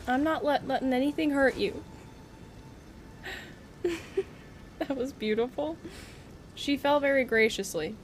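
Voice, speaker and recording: A woman's voice: high-pitched, a little slow, long pauses, a little hiss or hum. A young woman streaming a game, chatting playfully with her viewers and teasing the character on screen. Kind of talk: live gameplay commentary.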